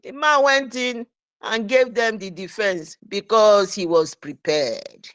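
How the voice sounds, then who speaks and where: A Nigerian woman telling a story in an excitable casual chat, mixing in pidgin. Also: medium pitch, takes it slowly, dry recording.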